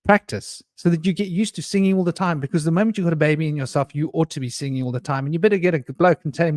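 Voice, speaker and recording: A man in an online panel discussion, joining by video call, spins rambling stories and laughs frequently. His voice is somewhat high and a little mellow, captured in a dry, studio-quality recording.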